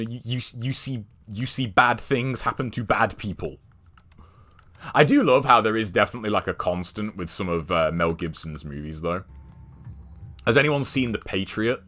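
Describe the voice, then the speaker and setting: A man's voice: lowish voice, fairly bright tone. A young man streaming a game, chatting in a rambling way and swearing at the game from his home setup. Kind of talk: casual gameplay commentary. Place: home gaming setup with two monitors.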